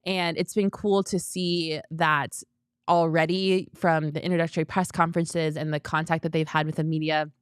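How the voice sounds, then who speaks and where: Young woman doing a solo sports chat show, upbeat and chatty, smooth voice, dry sound. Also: low-pitched, little pitch movement, no room sound. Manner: upbeat, chatty, quick to laugh.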